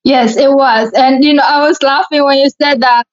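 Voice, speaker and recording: A young woman from China with a Chinese accent, talking earnestly and brightly as an interview guest. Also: sits high, fairly even intonation, moderate pace. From Shanghai, China. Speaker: guest, beauty pageant winner. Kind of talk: casual interview talk. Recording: lo-fi recording.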